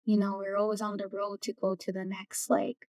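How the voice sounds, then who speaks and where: A woman, a community knowledge keeper, speaking softly in an interview and searching for her words. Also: mid-range voice, completely flat delivery, normal speed, no room sound. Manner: soft-spoken, searching for words. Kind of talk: casual interview talk. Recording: distant mic, dry room.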